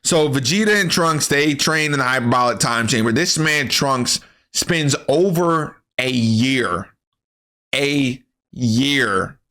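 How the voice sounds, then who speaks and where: A man giving a comedic, profane anime recap, animated and full of slang. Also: medium pitch, slow. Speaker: anime commentary creator.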